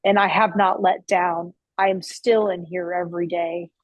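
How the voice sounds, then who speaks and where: A barbecue restaurant owner and chef talks chattily at her restaurant, restarting frequently, using fillers, and dropping the odd casual swear as she tells interview stories. Her lowish voice holds a steady tone at a moderate pace. The audio is dull, with no echo.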